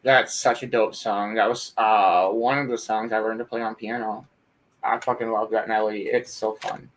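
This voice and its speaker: A man hosting a morning stream in casual chat, relaxed, chatty and profane. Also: fairly low pitch, moderate pace. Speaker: livestream host.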